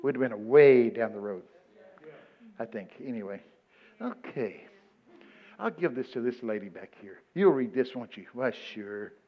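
A man from Texas with a Texan accent, telling a humorous story to a live audience. He swings from mumbled asides to loud exclamations. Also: mid-range voice, lively intonation, measured pace, pauses often, lo-fi sound. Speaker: speaker addressing an audience.

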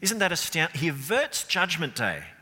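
A man preaching a sermon, expressive and building to emphatic peaks. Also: on the high side, moderate pace. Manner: expressive, rising emphatic delivery. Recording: long reverb of a large hall.

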